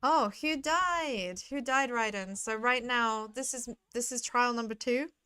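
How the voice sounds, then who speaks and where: A woman's voice: fairly high pitch, measured pace, pushed and bright, smooth. A woman streaming a game, chatting with her viewers as she plays. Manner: chatty, talks to chat between reading game lines. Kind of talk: casual game commentary.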